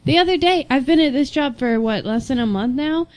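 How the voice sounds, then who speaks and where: A young woman co-hosting a casual podcast, telling lively anecdotes and acting out the voices of people in them. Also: high voice, fairly quick, no echo. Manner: animated storyteller, acts out voices in her anecdotes. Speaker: podcast co-host. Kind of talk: casual chat.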